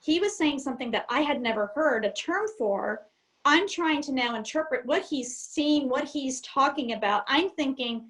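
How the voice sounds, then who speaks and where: A middle-aged woman, an airline captain, telling stories in a casual interview, animated and laughing often as she acts out cockpit talk. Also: sits high, normal speed, poor audio.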